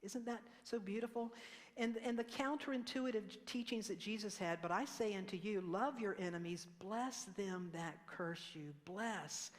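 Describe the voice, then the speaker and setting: A woman's voice: mid-range voice, moderate pace, long reverb tail. A woman minister giving a conversational sermon, leading the congregation in responses and laughing at herself. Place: church sanctuary.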